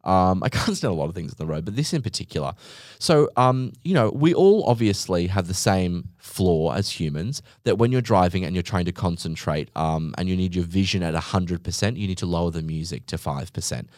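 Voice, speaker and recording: Man, podcast host, sarcastic ranting, animated delivery, dry close sound. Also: low voice, a little fast, no room sound. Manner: sarcastic, profane and exaggerating. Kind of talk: comedic monologue rant.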